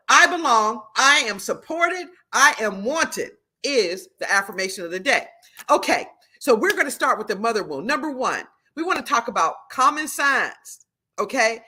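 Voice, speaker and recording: A middle-aged woman hosting a live stream, teaching and greeting viewers by name in an animated, preacherly way. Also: on the high side. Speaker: livestream host and prophetess.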